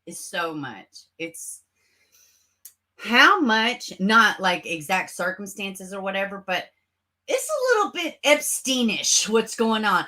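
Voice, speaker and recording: A woman's voice: medium pitch, takes it slowly, pauses often. A woman hosting a casual livestream, reading chat comments. She talks sarcastically and swears a lot, close to her camera at home. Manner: sarcastic, animated, swears and laughs often. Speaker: livestream host. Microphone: camera mic.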